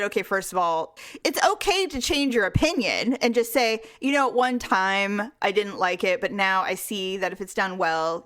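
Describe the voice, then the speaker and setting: A middle-aged woman co-hosting a podcast, telling a family story in casual chat and acting out the voices she quotes. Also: medium pitch. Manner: animated storytelling, acts out quoted voices, laughs often. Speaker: podcast co-host.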